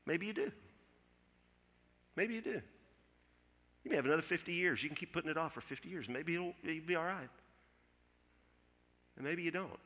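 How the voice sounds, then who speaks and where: Bright-voiced Texan preacher in a church hall. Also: male voice, a little high, normal speed, pauses often. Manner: conversational preaching, acts out quoted voices, drops to a hush for appeals. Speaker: pastor. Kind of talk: sermon. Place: church sanctuary.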